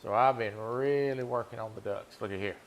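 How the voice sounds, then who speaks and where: This is casual gameplay talk from a man who jokes around with his audience while streaming a hunting game, all very relaxed. He speaks at a fairly quick clip in a medium pitch, and there's slight noise in the background.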